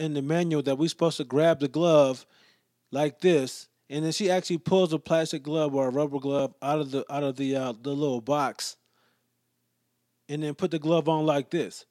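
Guy ranting through a story, swears a lot, kinda high voice, dry close sound, mutters low sometimes. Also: moderate pace, dry recording. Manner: profane, exasperated, deadpan storytelling; drops to low mutters in asides. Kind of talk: casual storytelling rant.

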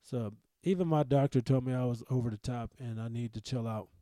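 A man's voice: medium pitch, a little fast, mellow, no room sound. A man hosting a podcast, telling a personal story in an anxious, self-deprecating, rambling way. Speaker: podcast host.

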